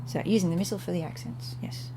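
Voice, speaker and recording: A woman's voice: on the low side, fairly even intonation, quick pace, dark tone, a little hiss or hum. A middle-aged woman reading Latin scripture aloud and translating it line by line in a casual home lesson, thinking aloud as she goes. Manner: thinks aloud, chuckles at own slips.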